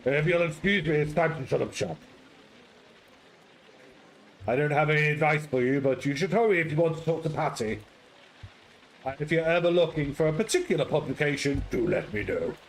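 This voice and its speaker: A man's voice: fairly high pitch, fairly quick, a little hiss or hum, close to an everyday voice, poor audio. A man playing a fussy old bookseller. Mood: lecturing. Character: fussy old male bookseller, pedantic and salesy.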